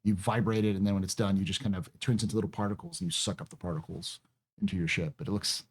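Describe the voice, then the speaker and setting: A man's voice: on the low side, very fast, slightly rough. A man hosting a podcast, chatting casually and repeating words as he thinks. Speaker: podcast host. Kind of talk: casual chat.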